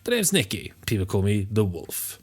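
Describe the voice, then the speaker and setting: A man's voice: fairly low pitch, huge pitch swings, moderate pace, breathy edge, heavily acted. A man voicing a brash, swaggering male wolf who taunts and calls people fool. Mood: cocky.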